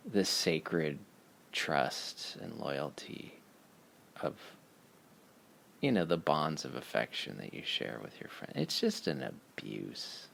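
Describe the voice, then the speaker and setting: A man telling a casual, profane story, laughing as he goes in an animated way. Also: extremely low pitch, slow, gravelly, slight background noise.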